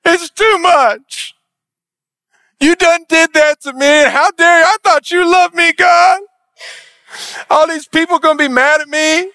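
A man's voice: very high voice, measured pace, long pauses, sharp tone, no echo, voice pushed up, full character voice. A male preacher voicing a grown man who whines and plays the victim, in a drawling complaint. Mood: whining. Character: whiny self-pitying grown man playing the victim.

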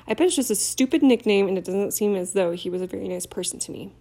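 Woman voicing a know-it-all teenage girl witch, stubborn, warm low tone, audiobook. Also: fast, vocal fry. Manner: stubborn and prim.

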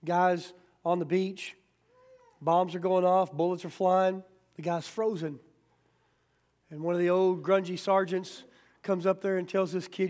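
Man, pastor, sermon, high voice, plainspoken, folksy, loud bursts. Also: fairly even intonation, moderate pace. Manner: conversational preaching with sudden loud rises.

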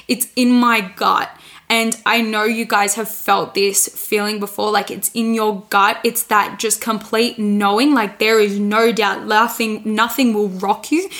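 A woman's voice: a little high, a bit bright. A woman in her twenties, a podcast host and coach, talking candidly in a casual solo monologue and restarting her sentences often. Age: 20s. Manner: earnest, candid, restarts often and says "like" a lot.

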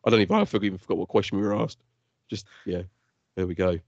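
A man co-hosting a casual podcast, excitable and teasing, laughing often. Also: low-pitched, very fast, no echo. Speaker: podcast co-host. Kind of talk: casual chat. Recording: dull lo-fi dry podcast audio.

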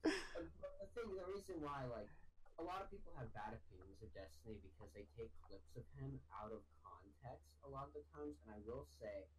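A podcast guest in casual chat, giving earnest opinions. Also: medium pitch. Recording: distant mic with faint noise.

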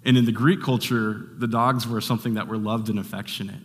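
A man's voice: on the low side, fairly even intonation, brisk, long reverb tail. A man giving a sermon as a pastor, talking in a loose, conversational way with restarts and fillers.

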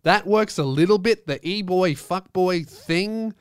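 Smooth-voiced profane podcast host. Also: male voice, sits high, a little slow, dry recording. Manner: profane, rambling, mock-indignant. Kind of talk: casual solo podcast rant.

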